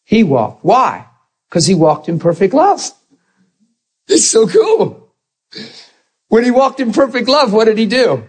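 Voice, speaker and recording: A man preaching a sermon in a conversational, animated way, acting out the people he quotes. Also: high voice, a little slow, long pauses, slightly rough, rough recording.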